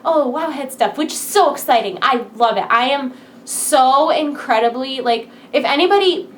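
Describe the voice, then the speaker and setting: A woman's voice: high voice, lively intonation, normal speed, slight background noise. A woman vlogger chatting casually to her viewers, peppy and rambling with giggles, wired on coffee late at night. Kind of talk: casual chat to camera.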